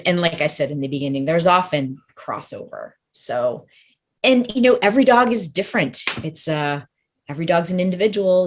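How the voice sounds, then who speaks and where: A woman dog trainer in a casual interview chat, talking in a thoughtful, rambling way and hedging her points. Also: low-pitched.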